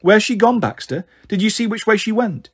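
A man's voice: high voice, animated, moderate pace, slightly rough, pitched above the performer's own voice. A man voicing a responsible older girl looking after younger children, anxious and caring.

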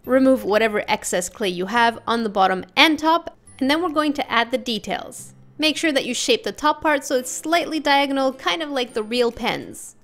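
A woman's voice: high-pitched, normal speed, hardly any pauses, a bit bright, soft background music. A woman hosting a craft tutorial in a casual voice-over, playful and full of jokey asides.

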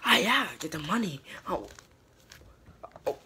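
A woman's voice: lowish voice, animated, a little slow, background noise. A woman performing a brash, profane comedy skit, switching between characters.

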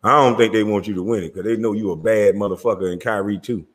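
A husky-voiced man with a Southern twang rants loudly and with animation, cursing freely and breaking into laughter. His voice rings with a long reverb. He is hosting his own show in casual, profane talk. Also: lowish voice, fairly even intonation, fast. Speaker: show host.

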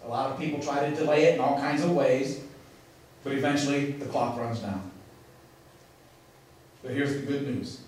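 A man's voice: medium pitch, fairly even intonation, darkish tone, slight background noise. Preaching man, echoey and distant. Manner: emphatic preaching with dramatic pauses. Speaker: pastor. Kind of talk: sermon. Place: church sanctuary. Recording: echoey, from far off in a large room.

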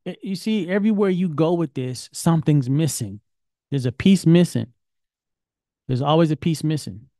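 A man's voice: on the high side, expressive, moderate pace, warm tone, no room sound, clean studio sound. A man teaching an informal Bible study lesson, talking in a conversational, questioning way. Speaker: Torah teacher.

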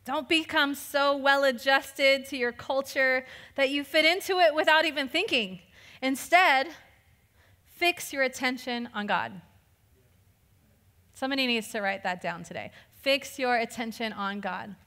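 A woman pastor giving a lively, conversational sermon, laughing often as she preaches. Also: sits high, normal speed, big-room sound.

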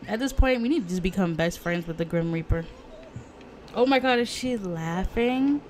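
A woman talks over her game in casual commentary at a middle pitch. She is excitable and profane, gasping and exclaiming at what happens on screen. A faint hiss of noise sits under her voice. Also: moderate pace. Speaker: let's play gamer.

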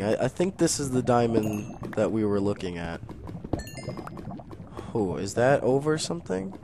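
Young guy doing lets play commentary, jittery and excitable, mid pitched voice, bit of hiss behind him. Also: measured pace. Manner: nervous, excitable, swings between mutters and loud exclamations. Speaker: gaming YouTuber.

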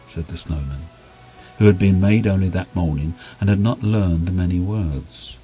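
A man gently reading a children's story aloud in an unhurried storybook manner. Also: low voice, faint music behind, poor audio.

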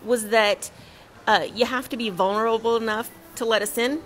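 A woman attendee joining a casual chat, talking in a chatty way and telling anecdotes with quick asides. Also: a little high, fairly even intonation, faint music behind, poor audio. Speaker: event attendee.

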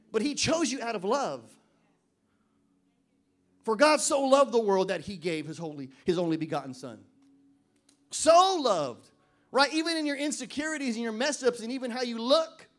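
A man with a very high voice preaching to his church. He swings from loud emphatic declarations to quiet joking asides, and he slows right down to read scripture with weight. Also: lively intonation. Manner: reads scripture slowly and deliberately. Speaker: pastor. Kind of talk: sermon. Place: church service.

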